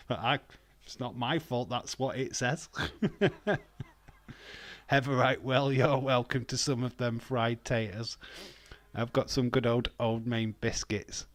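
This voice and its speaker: A man's voice: medium pitch, fairly even intonation, slow, long pauses, dry recording. A man hosting a live stream, chatting casually with viewers, teasing them and chuckling as he reads out their comments. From England. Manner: teasing, chuckling, banters with chat, muses aloud.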